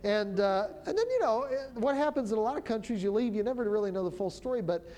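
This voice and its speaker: A minister telling a story of prophesying over people, in a relaxed conversational way that often stops and restarts. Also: medium pitch, fast. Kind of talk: storytelling testimony.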